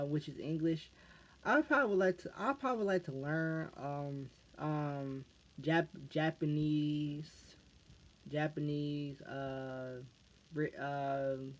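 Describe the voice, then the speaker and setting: An American man answering fan questions in a casual vlog, stumbling and restarting his phrases again and again. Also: on the high side. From United States. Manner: halting, restarts phrases over and over. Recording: dull lo-fi recording.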